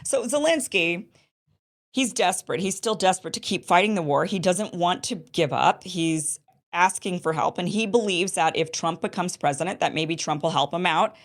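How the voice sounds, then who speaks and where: Low-voiced indignant woman commentator. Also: normal speed. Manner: emphatic and indignant, with repeated restarts. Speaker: political commentator. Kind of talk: opinionated commentary monologue.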